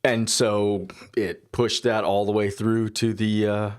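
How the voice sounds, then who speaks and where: A man's voice: lowish voice, level tone, slow pace, clean tone. A man streaming his coding work, thinking aloud in a casual, musing way, often muttering half-finished asides to himself. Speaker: developer livestreaming his coding.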